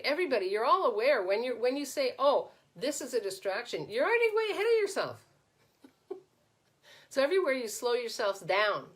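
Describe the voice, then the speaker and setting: A woman coach hosting a live question-and-answer session, reading viewers' comments aloud and answering them in a conversational way, often tagging "right?" onto her points. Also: medium pitch. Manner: conversational, frequently adds "right?". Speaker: coach and podcast host.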